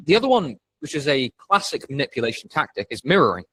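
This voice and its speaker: A man's voice: on the high side, big pitch swings, brisk, fairly bright tone, breathy edge, no echo, poor audio. A young man coaching on sales in a casual, blunt, profane way, with a lot of emphasis. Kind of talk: casual instructional talk.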